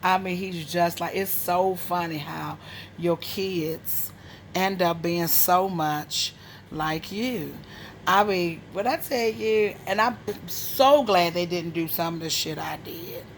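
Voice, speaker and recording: A woman from Maryland casually telling a personal story, animated and frank with profanity, often dropping into a hushed whisper. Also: lowish voice, slow pace, slight background noise. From Maryland, USA.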